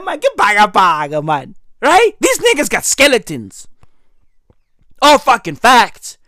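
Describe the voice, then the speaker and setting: A hoarse man with a South African accent delivering a profane, comedic political rant, switching between English and Zulu slang. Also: extremely high pitch, wildly swooping pitch, a little slow, sharp tone, no echo, clean studio sound. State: hoarse, clearing throat. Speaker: vlogger.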